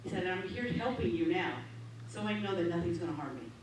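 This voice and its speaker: Animated woman preaching in an echoey hall. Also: on the low side, quick pace. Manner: animated, laughs often, acts out quotes. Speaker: minister giving a talk. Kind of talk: storytelling sermon. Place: large hall of a spiritual center. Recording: echoey hall, distant mic, faint hum.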